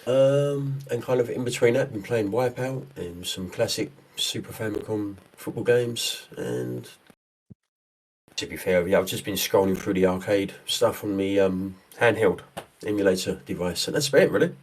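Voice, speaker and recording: A man's voice: fairly low pitch, normal speed. A man co-hosting a podcast, talking in a hesitant, rambling way. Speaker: podcast co-host. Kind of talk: casual chat. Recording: voice distant from the mic.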